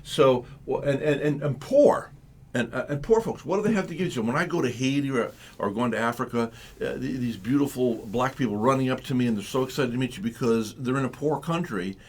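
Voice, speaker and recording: Rambling, animated male radio host. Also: mid-range voice, normal speed. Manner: rambling, animated storytelling with acted-out quotes. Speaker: radio talk show host. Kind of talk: live morning radio talk.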